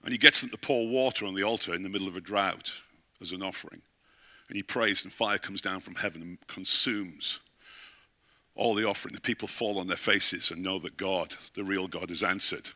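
A man's voice: low-pitched, fairly quick, pushed and bright. A middle-aged man, a pastor, preaching a sermon and telling a story, often asking his listeners questions.

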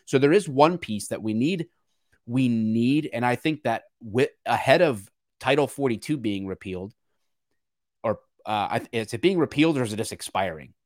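On a podcast, a male co-host works through political issues in a casual, earnest, searching way, often restarting his sentences. His mid-range voice is animated and moves at a normal speed. The audio is studio quality with no echo.

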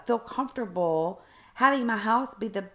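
A woman's voice: a little high, animated, normal speed, sharp tone. A Southern woman chats casually with a co-host and tells her stories with animation. She slips into the voices of the people she quotes, lifting and dropping her tone as she plays them out. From Southern United States. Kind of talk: casual chat.

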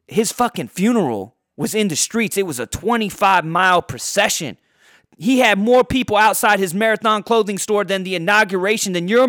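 A man's voice: high voice, a bit bright, no room sound, studio quality. A man hosting a podcast, ranting heatedly and swearing constantly, with a sore throat and a worn-out voice. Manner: heavily profane, heated ranting. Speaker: podcast host. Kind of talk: angry podcast rant.

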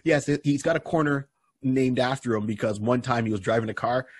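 A man co-hosting a podcast who tells stories in an animated way, with many restarts. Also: mid-range voice, fairly quick, breathy edge, no echo. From Barbados. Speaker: podcast co-host and comedian. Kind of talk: casual podcast chat.

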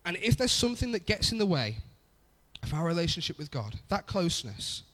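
A man's voice: high-pitched, very animated, a little fast, fairly bright tone. A young adult man preaching a conversational sermon, often repeating phrases for emphasis. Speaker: pastor.

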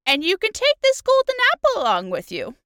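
A woman voicing a helpful old woman from a fairy tale, in a high old lady voice. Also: wildly swooping pitch, brisk, sharp tone, no echo, studio quality, exaggerated voice. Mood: kindly. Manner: storybook telling.

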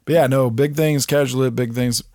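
Animated storytelling man, dry close mic. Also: medium pitch, moderate pace, no echo. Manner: animated storyteller, acts out quotes, swears. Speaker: podcast co-host. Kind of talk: casual chat. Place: small hot room.

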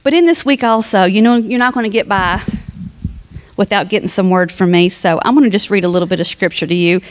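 A brisk woman of medium pitch reads scripture aloud during a funeral. Her eulogy is heartfelt and conversational, growing into a sermon before she speaks directly to the grieving family.

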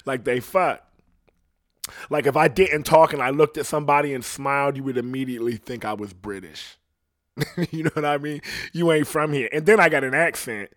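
A man's voice: medium pitch, normal speed, a bit bright, no room sound, studio quality. A man from Ohio hosting a solo podcast, rambling in a profane, casual monologue and often asking "you know what I mean". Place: at home alone.

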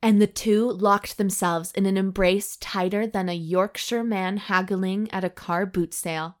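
A woman co-hosting a comedy podcast, reading fan fiction aloud slowly and breaking into laughter. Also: mid-range voice, fairly even intonation. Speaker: podcast co-host.

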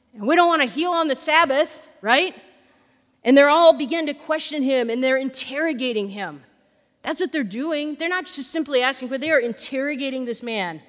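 A woman with a high voice preaches a sermon in a church. She tells the story with lively energy and acts out each quote. Her voice rings with long reverb in the big sanctuary. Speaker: pastor.

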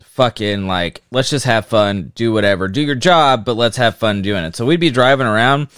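A young man in casual chat, telling animated, profane stories and acting out the people in them. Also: medium pitch, normal speed, smooth, no echo, studio quality. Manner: swearing, animated storyteller who acts out quotes.

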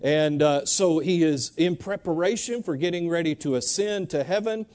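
A man preaching a sermon, animated and urging the congregation to answer back, reading Bible verses slowly. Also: fairly high pitch. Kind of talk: sermon with congregation call-and-response.

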